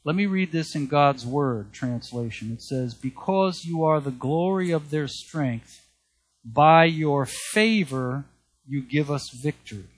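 A man's voice: fairly high pitch, animated, takes it slowly, breathy edge. A man preaching a sermon, speaking earnestly, repeating key phrases and reading Bible verses aloud. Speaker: pastor.

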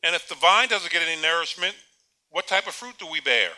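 A male preacher in mid-sermon with a high, piercingly bright voice. He keeps asking his listeners rhetorical questions and stumbles over repeated words. He often lets out a short chuckle at his own points. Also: lively intonation, fairly quick.

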